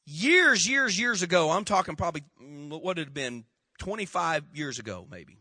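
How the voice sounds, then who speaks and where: A pastor preaching a sermon, telling folksy stories and calling on the congregation to answer back. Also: male voice, on the high side, very animated, moderate pace, bright, forceful tone, slightly rough, no echo.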